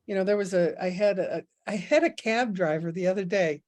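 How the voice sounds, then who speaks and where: A middle-aged woman talks frankly and mocks herself, telling personal stories in a loose, conversational way. Her voice sits at an ordinary middle pitch for a woman, and she often breaks into laughter. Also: fairly quick, darkish tone. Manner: candid, self-mocking, laughs often. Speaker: spiritual teacher. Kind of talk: casual spiritual talk with storytelling.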